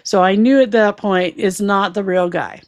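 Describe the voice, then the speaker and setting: A woman recounts a personal story in a lively, casual way, swearing freely and laughing as she acts out the dialogue. Her voice sits in a middle pitch. The sound is dry, with no room echo. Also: moderate pace.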